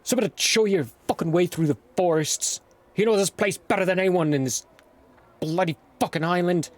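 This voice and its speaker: A man voicing a grumpy, foul-mouthed old male dwarf dockmaster in a tabletop game, shouting and cursing impatiently. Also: high voice, brisk, pitched above the performer's own voice, natural voice. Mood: gruff, impatient. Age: older.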